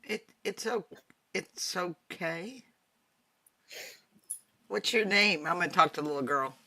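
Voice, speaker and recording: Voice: medium pitch, takes it slowly, creaky, pushed and bright. A player in a tabletop game speaking in character, playful and curious. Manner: playful, curious, laughs often.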